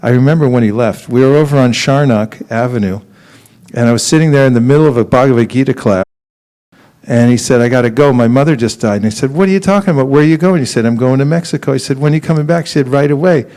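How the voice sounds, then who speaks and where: A man giving a relaxed sermon at a temple, telling stories with laughs and acting out quotes, sometimes chanting a mantra slowly. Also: mid-range voice. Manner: storytelling with laughs and acted quotes. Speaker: temple teacher.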